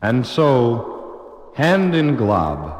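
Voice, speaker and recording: A man's voice: medium pitch, sing-song, drawn-out words, darkish tone, reverberant, long reverb tail. A man narrating a comedy record sketch in a mock-solemn storyteller manner.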